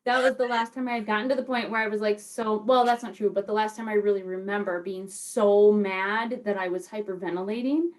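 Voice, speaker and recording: A woman's voice: medium pitch, steady tone, a little fast, hardly any pauses. A woman in casual group conversation on a video call, telling a story animatedly, acting out quotes and laughing often. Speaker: book club member.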